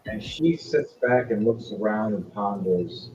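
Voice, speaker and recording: A man's voice: fairly low pitch, measured pace, muffled recording, background noise. A man narrating a tabletop game as its game master, telling the story with energy. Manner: animated storytelling.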